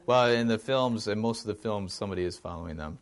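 A man leading an informal film discussion, animated and thinking aloud with frequent restarts. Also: fairly low pitch, fast.

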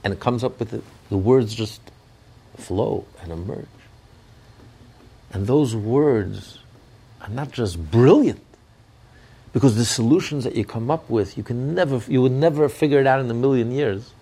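A man's voice: medium pitch, moderate pace, pauses often, dark tone, husky. A man giving an impassioned sermon as a rabbi, often restarting his words as he searches for them.

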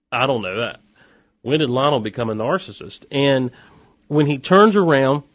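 A man's voice: a little high, no echo. Chatty man recapping an episode, dry sound. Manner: chatty, animated, wry asides.

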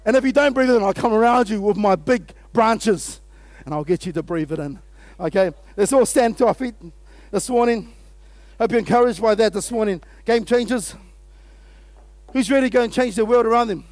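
A man preaching a sermon as pastor, energetic and exclamatory, calling out to his congregation and laughing between points. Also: high-pitched, moderate pace, no room sound. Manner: energetic and exclamatory, often laughing, calls out to the audience.

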